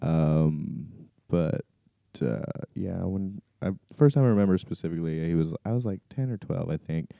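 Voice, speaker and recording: A man's voice: low-pitched, expressive, moderate pace, vocal fry, no room sound, highs cut off. A young man chatting casually as a podcast guest, laid-back, laughing often and trailing off. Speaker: comedian guest.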